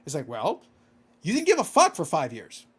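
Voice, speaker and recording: A man's voice: fairly high pitch, wildly swooping pitch, normal speed, a bit bright, husky. Exasperated guy ranting on a podcast, cussing a lot, voice all over the place. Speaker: podcast co-host. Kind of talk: casual podcast chat.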